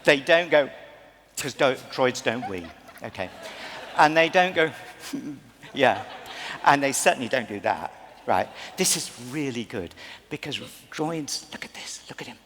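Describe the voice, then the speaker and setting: A man's voice: mid-range voice, expressive, a little slow, fairly bright tone. A man coaching audience volunteers on a convention stage, playful and theatrical, often laughing. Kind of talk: live stage banter. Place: large convention hall stage with a live audience. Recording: long hall reverb, crowd and noise.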